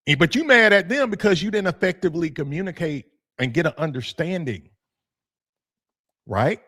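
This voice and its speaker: An animated man in casual podcast talk, joking and laughing often as he makes his points. His delivery is loose and conversational, with plenty of casual swearing. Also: on the high side, normal speed, long pauses. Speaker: youth football coach and podcast host. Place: room with his degree on the wall.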